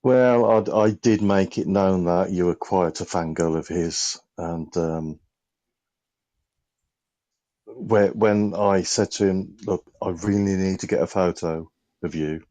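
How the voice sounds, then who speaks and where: A man on a casual podcast, telling a story in an unhurried way. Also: low-pitched, warm tone, no echo.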